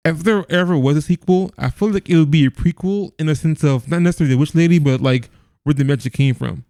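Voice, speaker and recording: A man's voice: on the high side, fast, warm tone, dry recording, studio quality. A man co-hosting a casual movie review podcast, rambling with lots of restarts and laughs. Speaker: podcast co-host.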